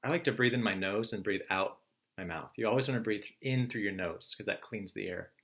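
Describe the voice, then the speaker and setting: Relaxed man giving a morning class message. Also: fairly low pitch, brisk. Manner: relaxed, encouraging, explains step by step. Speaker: teacher. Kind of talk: recorded morning message to students.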